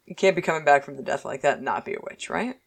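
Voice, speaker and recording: Low-voiced woman chatting playfully. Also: expressive, creaky. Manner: playful, acts out characters in quick voices, laughs often. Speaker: podcast co-host. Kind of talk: casual chat recapping a TV episode.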